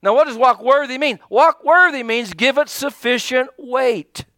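A man pastor preaching a sermon, animated, calling out to his congregation and acting out little asides. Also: extremely high pitch, measured pace, no echo, clean studio sound.

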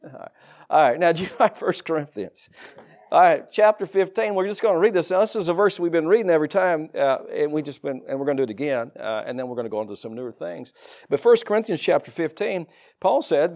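Folksy Southern preacher with a lively voice. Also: male voice, fairly high pitch, quick pace. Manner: folksy, animated preaching with laughs and asides. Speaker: pastor. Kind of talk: sermon.

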